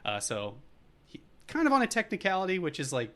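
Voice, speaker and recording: A man's voice: high-pitched, huge pitch swings, brisk, fairly bright tone. A man co-hosting a podcast, recapping a movie in casual chat, rambling loosely with lots of fillers and frequent laughter. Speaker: podcast co-host.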